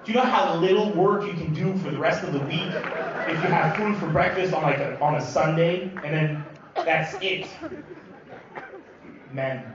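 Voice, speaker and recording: A man from Lebanon doing live stand-up comedy, loud and animated, working the crowd. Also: a little high. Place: large comedy venue with live audience. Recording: echoey, dull live hall recording from far off, loud crowd.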